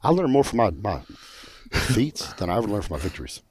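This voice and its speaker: A man's voice: lowish voice, big pitch swings, fast, darkish tone, slight background noise. A middle-aged man, telling stories bluntly and cursing freely in a casual panel chat. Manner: blunt, profane storytelling. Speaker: pro bodybuilder on a panel.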